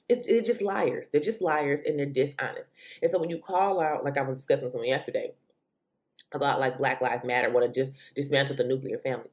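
A woman hosting her own commentary show, talking straight to her audience in animated, exasperated rants that jump suddenly up in pitch. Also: fairly quick. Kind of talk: opinion commentary monologue.

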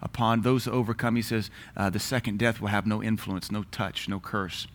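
A man teaching a Bible class in an earnest, emphatic way, slowing down and lifting his voice to read scripture aloud. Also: fairly low pitch, fairly even intonation. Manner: earnest, emphatic, slows and lifts his voice when reading scripture.

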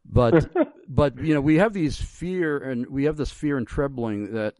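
A middle-aged radio host relates a personal story during a casual on-air conversation, thoughtful and earnest, with many small restarts. His mid-range voice is somewhat slow and darkish in tone, with no echo.

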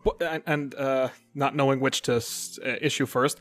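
A man's voice: medium pitch, fairly even intonation, normal speed, hardly any pauses, a bit bright, faint music behind. Rambling man narrating his character. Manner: rambling with many fillers and restarts. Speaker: player.

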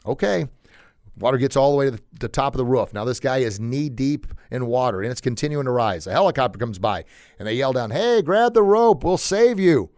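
A man's voice: mid-range voice, fast talker, a little mellow, no echo, clean studio sound. A middle-aged man hosting a motivational podcast, talking earnestly and repeating phrases for emphasis. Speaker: podcast host.

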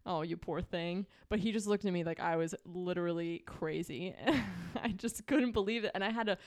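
Young woman, podcast co-host, chatty storyteller, laughs a lot, slightly low voice. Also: brisk, darkish tone. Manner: chatty, laughs often, many "like" fillers. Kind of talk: casual storytelling chat.

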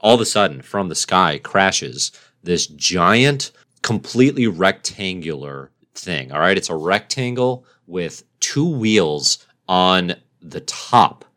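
A man with a very deep voice tells an invented superhero origin story, rambling and deadpan. His delivery is playful and loose, like an improvised chat between friends. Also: slow pace.

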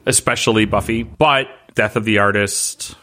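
Bright-toned easygoing man on a podcast. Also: fairly low pitch, fairly even intonation, normal speed. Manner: easygoing, wry asides. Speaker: podcast co-host. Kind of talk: casual chat.

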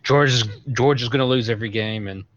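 A man's voice: mid-range voice, quick pace, lo-fi sound, a crowd in the background. A man co-hosting a casual sports podcast, dropping dry, wry asides. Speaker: podcast co-host.

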